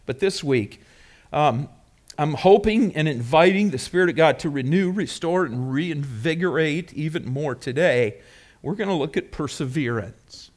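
A man preaching a sermon as pastor, earnestly reviewing points and then emphatically teaching a word, repeating key terms. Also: a little high.

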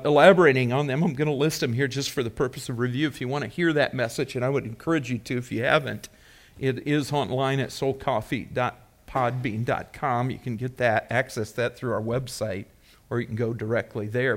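A man preaching a sermon as pastor, earnestly reviewing points and then emphatically teaching a word, repeating key terms. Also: mid-range voice.

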